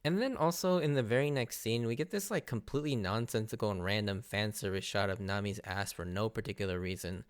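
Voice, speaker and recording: A man's voice: on the low side, a little fast, few pauses, smooth. A man hosting a podcast, recapping anime episodes in a casual, enthusiastic way and laughing often. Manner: enthusiastic, laughs often, mimics character lines. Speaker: podcast host.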